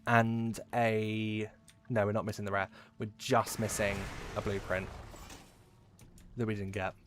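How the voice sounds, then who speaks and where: Joking streamer with an Essex-Midlands accent. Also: male voice, on the low side, flat delivery, measured pace, a bit bright, slight background noise. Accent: mix of Essex and Midlands English. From England. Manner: chatty, joking, swearing, talking to chat. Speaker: game streamer. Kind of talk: casual live-stream chat while playing.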